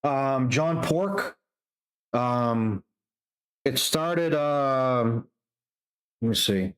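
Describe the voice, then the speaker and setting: A man hosting a casual livestream, reading out viewer messages and answering them in a halting way with many ums. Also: mid-range voice, animated, reverberant, rough recording. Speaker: livestream host reading chat.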